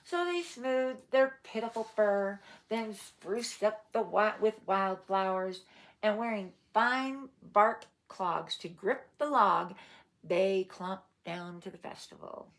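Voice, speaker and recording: Slow, playful storytime reader, a woman. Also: medium pitch. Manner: asks listeners questions, playful asides. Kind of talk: read-aloud storytime for children.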